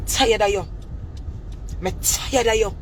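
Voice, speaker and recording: A Jamaican woman and mother ranting in a callout video, confrontational and repetitive in thick patois, breaking into shouts. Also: medium pitch, takes it slowly, a little hiss or hum. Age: adult mother. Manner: bursts into shouting.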